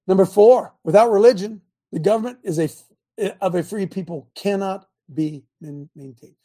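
A man giving an impassioned political talk to an audience, reading numbered principles aloud and breaking off into angry, loud commentary. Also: sits high, moderate pace. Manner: reads numbered principles, then rants and comments; grows angry and loud at times. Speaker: speaker addressing an audience.

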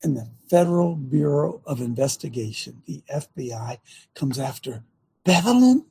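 A man's voice: medium pitch, expressive, normal speed, gravelly, dark tone, slightly rough. A man hosting a talk show, commenting in an emphatic, preachy way. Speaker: host.

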